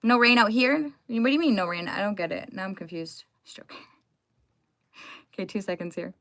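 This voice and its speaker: Bright-voiced woman chatting on a live stream. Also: medium pitch, lively intonation, brisk. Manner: chatty, greets viewers by name. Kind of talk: casual live stream chat with viewers.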